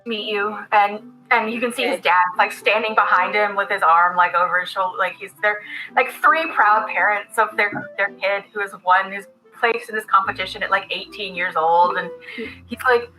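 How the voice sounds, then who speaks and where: Bright-voiced woman game master. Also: medium pitch, normal speed, faint music behind, low-quality recording. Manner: casual, rambling, many fillers. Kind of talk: narrating a tabletop game.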